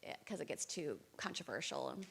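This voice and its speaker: A woman's voice: lowish voice, very animated, brisk, creaky. A woman, a hairdresser, sharing her thoughts in a church group discussion, thoughtful and a little hesitant. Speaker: hairdresser, class participant.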